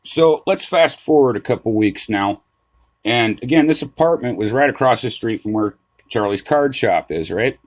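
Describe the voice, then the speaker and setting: A middle-aged man vlogging about card collecting, telling a story in a casual, animated way with restarts, swearing and a lot of "right?". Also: medium pitch, moderate pace.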